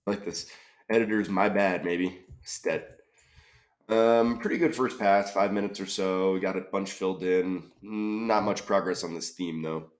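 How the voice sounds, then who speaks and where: A man's voice: low-pitched, fairly even intonation, measured pace. A man solving a crossword aloud, musing tentatively and often trailing off with questions. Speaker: crossword solver. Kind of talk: thinking-aloud puzzle solve.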